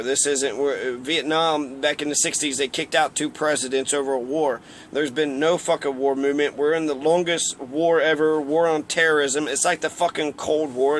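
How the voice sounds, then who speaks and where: A man's voice: fairly high pitch, fairly bright tone, slight background noise. A man giving a casual, heated political rant, rambling and swearing often. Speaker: political commentator.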